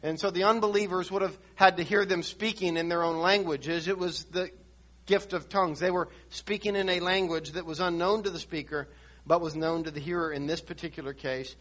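Male preacher, high and bright, teaching sermon, emphatic, restarts often. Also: steady tone, brisk. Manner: reads and explains scripture verse by verse.

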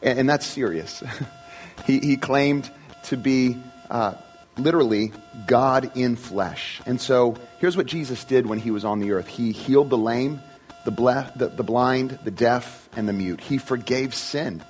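A man's voice: medium pitch, a little slow, a little mellow, soft background music, rough recording. A man preaching a sermon in an earnest, emphatic way, often repeating and restarting words.

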